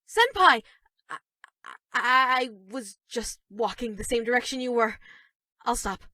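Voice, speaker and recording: An actress voicing an obsessive yandere schoolgirl for a dating game, shy and stammering with flashes of dark menace. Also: on the high side, lively intonation, measured pace. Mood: shy adoring. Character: obsessive yandere schoolgirl, sweet but creepy. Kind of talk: scripted game voice lines.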